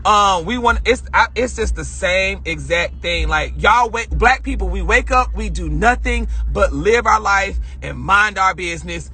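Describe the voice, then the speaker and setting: A man's voice: high voice, animated, measured pace, hardly any pauses, sharp tone, slightly rough. A young man in a heated, emphatic rant to his viewers, swearing often and talking straight to them, recorded on a phone in a parked car. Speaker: vlogger. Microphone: phone camera.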